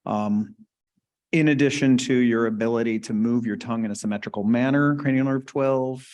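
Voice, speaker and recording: A man presents a webinar talk in an easy conversational way. He explains as he goes, keeps asking "right?" and invites the audience to call out answers. His voice sits at a middle pitch. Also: normal speed, a little mellow. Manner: explains casually, checks in with frequent "right?", asks the audience questions. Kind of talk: conversational lecture.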